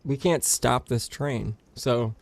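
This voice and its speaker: A young man hosting a podcast, chatting casually in a rambling, profane and excitable way. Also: mid-range voice, takes it slowly, gravelly, no room sound. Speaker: podcast host.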